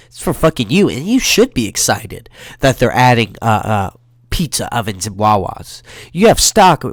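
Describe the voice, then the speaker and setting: A young man with a stuffy nose ranting alone in his bedroom for a solo podcast, swearing and flaring into loud outbursts. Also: mid-range voice, no echo, studio quality. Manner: profane, heated ranting with sudden loud outbursts. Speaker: podcast host.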